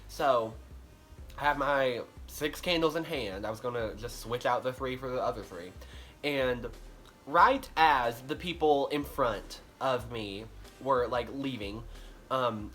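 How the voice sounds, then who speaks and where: A man tells a personal storytime vlog in an animated, rambling way. His pitch sits in an ordinary middle range. He stacks up likes and ums, and faint music plays under his voice. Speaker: vlogger. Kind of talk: casual storytime monologue.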